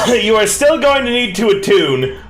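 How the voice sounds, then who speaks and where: A man's voice: high voice, very animated, measured pace, a bit bright. A man running a tabletop game, casually explaining the rules and joking with his players. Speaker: game master. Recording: roomy echo, faint music.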